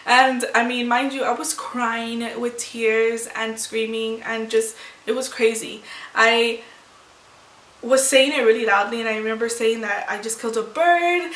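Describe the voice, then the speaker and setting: A woman's voice: on the high side, flat delivery, unhurried, a bit bright. A young woman vlogger telling a personal story to camera in a rambling, emotional way with many restarts. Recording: echoey room, far from mic.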